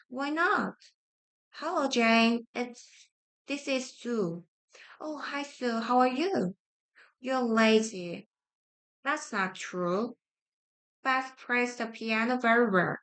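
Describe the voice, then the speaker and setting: Korean lady practicing english sentences out loud, slow and kinda high voice, keeps repeating herself. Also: lively intonation. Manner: slow, repeats each sentence, halting restarts. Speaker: study-with-me streamer. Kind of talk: reading grammar drill sentences aloud.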